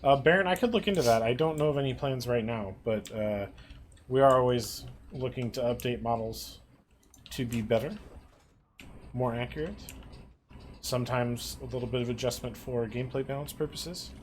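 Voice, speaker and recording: A man hosting a casual livestream, reading chat questions aloud in a relaxed, chatty way. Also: medium pitch, moderate pace, slight background noise. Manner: relaxed, chatty, laughs easily. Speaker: stream host reading chat.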